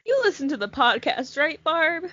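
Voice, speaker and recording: A woman's voice: high-pitched, big pitch swings, normal speed, sharp tone. A young woman co-hosting a podcast, telling a work story in a laid-back, casual way, swearing often and laughing a lot. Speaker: podcast co-host. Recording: dull lo-fi sound.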